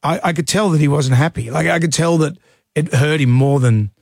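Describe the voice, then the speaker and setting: A man's voice: on the high side, fairly quick, no room sound, studio quality. A middle-aged man, a radio co-host, consoling and telling stories in casual chat. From Australia. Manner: consoling, anecdotal.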